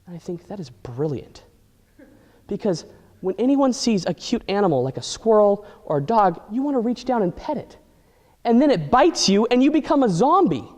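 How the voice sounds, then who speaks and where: A man telling an exaggerated comic story with animated, deadpan delivery. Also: high voice. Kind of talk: comedic storytelling. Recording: long hall reverb.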